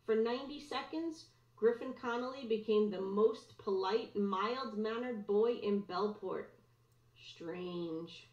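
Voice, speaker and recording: Woman teacher, storybook read-aloud, mid-pitched, echoey and muffled room sound. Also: slow pace, a little mellow. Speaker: teacher reading aloud to students. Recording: roomy, dull lo-fi recording.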